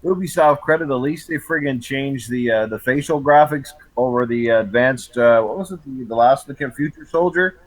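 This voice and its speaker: A man's voice: medium pitch, normal speed, hardly any pauses, no room sound, low-quality recording. A man on a gaming podcast panel, hesitant with many fillers. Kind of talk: casual chat.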